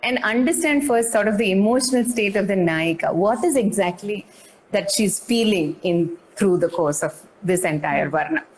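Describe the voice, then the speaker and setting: A young woman, a guest dance artist explaining lyrics in a conversational interview, animated and full of fillers and restarts, often acting out lines. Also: mid-range voice, moderate pace, a little hiss or hum, rough recording.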